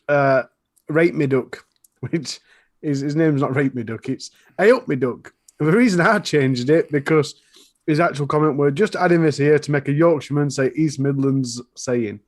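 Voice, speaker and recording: A man co-hosting a live chat show, rambling and reading out viewer names. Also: fairly high pitch. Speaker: co-host. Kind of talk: casual live-stream banter.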